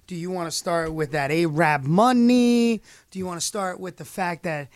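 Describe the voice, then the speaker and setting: A man with a fairly high voice co-hosts a podcast, telling stories with plenty of animation and frequent laughter. His voice is recorded dry and close to the mic, with no room sound. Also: normal speed, no echo. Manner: animated storyteller, laughs often. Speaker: podcast co-host. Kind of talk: casual chat.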